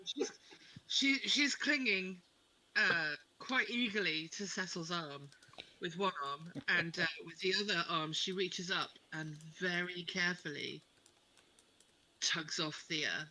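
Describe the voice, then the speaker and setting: A man's voice: sits high, unhurried, sharp tone, low-quality recording. A man narrating an improvised role-play as game master, in a playful, meandering way.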